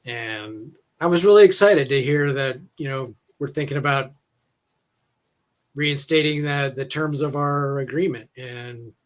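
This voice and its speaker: Guy guesting on a live stream, mid-pitch, laid back, telling an old story. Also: measured pace.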